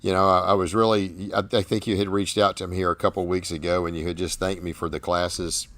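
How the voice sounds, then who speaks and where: A man's voice: sits low, flat delivery, fast, a bit bright, no room sound. A Southern American man hosting a casual interview, talking in a folksy, rambling way and often repeating his words. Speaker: host.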